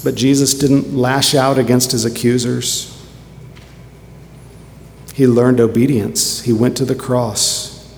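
A man preaching a sermon earnestly, moving between quiet reflection and emphatic points. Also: mid-range voice, level tone, slow pace, gravelly, long pauses, slight background noise. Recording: echoey hall with faint ambience.

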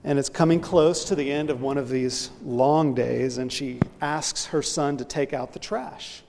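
A man's voice: mid-range voice, steady tone, a little slow, gravelly, big-room sound, background noise. A man preaching a sermon, earnestly illustrating his point with a story.

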